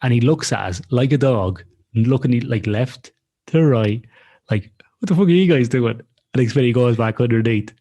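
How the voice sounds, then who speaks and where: A man's voice: on the low side, darkish tone. A man telling a story in casual podcast chat, swearing freely and talking animatedly. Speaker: podcast co-host.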